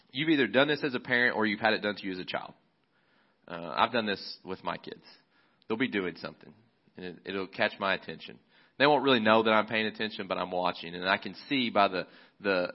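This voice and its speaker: A man preaching a sermon as a pastor, relaxed and conversational, often restarting his phrases. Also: lowish voice, highs cut off.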